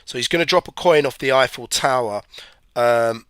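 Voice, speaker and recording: A man's voice: mid-range voice, moderate pace, fairly bright tone, clean tone, no room sound. A man with hay fever, giving a chatty, rambling live-stream physics revision lesson and talking to his viewers. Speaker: physics tutor.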